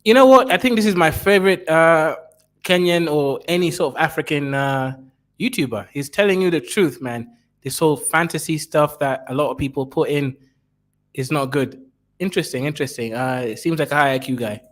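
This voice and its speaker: A fairly high-voiced man gives animated, joking commentary as he reacts to a clip. His pitch jumps about, and he talks to a guest in a loose, chatty way. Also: normal speed. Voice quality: animated and jokey, with swings in pitch. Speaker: reaction streamer. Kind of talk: casual commentary.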